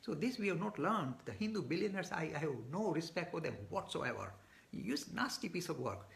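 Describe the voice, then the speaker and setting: A man's voice: fairly high pitch, sing-song, a little fast, creaky, a bit bright. A man answering audience questions in a live online talk, speaking emphatically with frequent restarts and repeated words. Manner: gets worked up.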